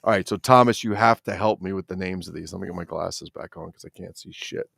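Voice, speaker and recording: A man's voice: low-pitched, fast, gravelly, a bit bright, slightly rough, no room sound, clean studio sound. A middle-aged man hosting a casual toy-collector livestream, rambling and swearing while he reads the chat.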